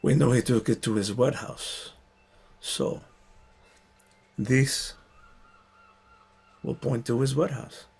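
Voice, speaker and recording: Man calmly explaining plans at a game table. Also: mid-range voice, takes it slowly, vocal fry, long pauses, breathy edge. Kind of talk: in-character tabletop role-play.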